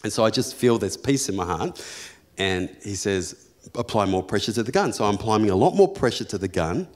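An Australian man preaching as a pastor, telling jokey personal stories that build into loud, fervent preaching. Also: fairly low pitch, fairly quick. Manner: storytelling, jokey and lively, rising to loud preaching. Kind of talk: sermon.

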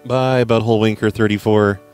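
A man's voice: on the low side, steady tone, brisk, darkish tone, smooth, faint music behind. A man who hosts a prank-call podcast, chatting casually and sarcastically. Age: adult with a child. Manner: sarcastic, offhand, joking.

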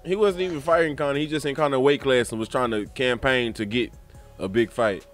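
A man's voice: medium pitch, a little fast, soft background music. A man hosting a podcast in casual, profane chat, acting out quotes with gusto. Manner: animated, profane, quotes clips with relish. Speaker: podcast host.

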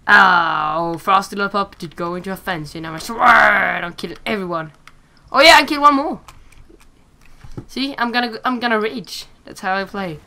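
Woman, casual gameplay commentary, bright tone, excitable, swears often. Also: medium pitch, moderate pace, vocal fry. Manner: excitable, swears when frustrated. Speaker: gamer commentating her play.

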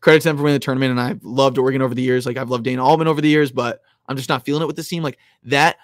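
Animated young man on a live stream. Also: mid-range voice, very fast, no room sound, studio quality. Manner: rambling, filler-heavy, restarts with "like"; animated, loud at times. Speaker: sports betting host. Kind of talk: casual live-stream chat. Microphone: close streaming mic.

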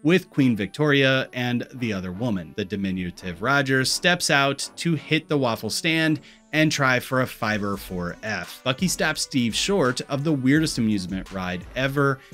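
Brief: man, Missouri accent, scripted movie commentary, wry and sarcastic, soft music bed. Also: mid-range voice. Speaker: YouTube film commentator. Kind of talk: scripted video-essay commentary.

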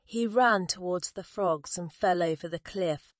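Slow careful woman reading an easy english story, dry close sound. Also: on the low side, no room sound. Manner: slow, careful, simple wording. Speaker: narrator. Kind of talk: graded reader story narration.

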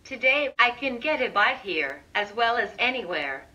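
A woman voicing a poor, humble old man who speaks gently and politely. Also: a little high, big pitch swings, moderate pace.

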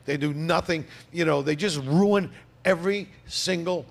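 A middle-aged male comedian talking as a guest in a casual podcast chat, ranting profanely and rambling, swinging into loud mocking outbursts. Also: fairly high pitch, a little slow, vocal fry.

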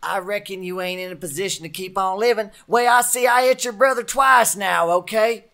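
A man playing a loud, strained old-west marshal. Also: fairly high pitch, steady tone, brisk, pitched above the performer's own voice, natural voice. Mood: furious. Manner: pleading, then defiant shouting. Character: weary middle-aged male town marshal, protective father.

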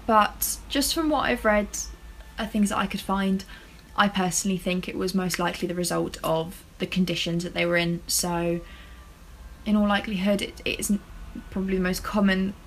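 A woman with a middle-pitched voice talks straight to her viewers in a casual vlog. She hedges a lot and keeps stumbling and restarting. She has an easygoing, conversational delivery. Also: a little hiss or hum, poor audio. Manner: chatty, hedging, stumbles over words. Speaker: true-crime vlogger. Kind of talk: casual to-camera talk.

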